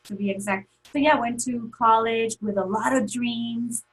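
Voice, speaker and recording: A woman's voice: a little high, steady tone, normal speed, husky, poor audio. A woman telling an emotional personal story as an interview guest, earnest, with many fillers and restarts.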